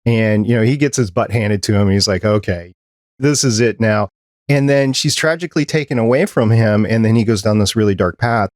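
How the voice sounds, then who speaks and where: A man co-hosting a podcast who recaps film scenes in a relaxed, casual way. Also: lowish voice, a little fast, few pauses, no echo, studio quality. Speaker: podcast co-host. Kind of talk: casual chat.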